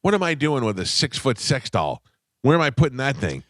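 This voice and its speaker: A man's voice: mid-range voice, sing-song, fairly quick, a bit bright, no echo. A man hosting a radio show in casual studio banter, rambling and joking. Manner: rambling, joking, drops into mock voices for quotes. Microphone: studio microphone. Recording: dry studio sound.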